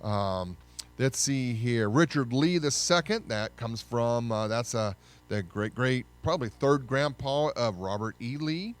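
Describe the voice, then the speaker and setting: A man giving a casual, conversational history lesson, often pausing to correct himself. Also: medium pitch, lively intonation. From United States. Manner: conversational, with frequent fillers and self-corrections. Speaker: history teacher.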